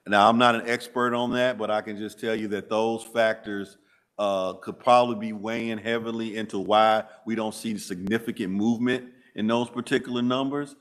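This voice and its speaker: A man with a Southern US accent answering board members' questions at a public school meeting, measured and hesitant. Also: lowish voice, fairly even intonation, fairly bright tone. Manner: measured, hesitant with frequent uh fillers. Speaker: school district administrator.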